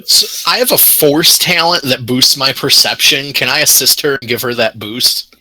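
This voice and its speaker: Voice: mid-range voice, moderate pace, bright, forceful tone, no room sound, poor audio. A player at a tabletop game making dry, wry remarks.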